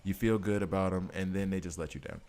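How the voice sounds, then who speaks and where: His voice is deep and darkish, with a steady tone and a quick pace. A man in his thirties, he streams a mobile game, chatting casually and trading jokes with viewers.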